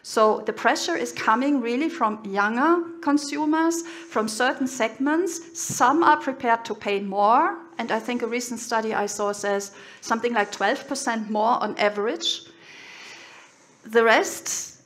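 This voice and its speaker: A middle-aged woman giving an expert conference presentation in measured, earnest, slightly nonnative English. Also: a little high, a bit bright, slight background noise. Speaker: conference speaker.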